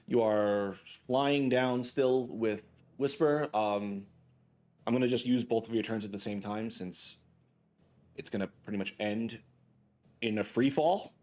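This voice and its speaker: Low-voiced male dungeon master, plain rules calls, filler-heavy. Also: measured pace, darkish tone. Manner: matter-of-fact rules calls, many "uh"s. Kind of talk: running a tabletop game.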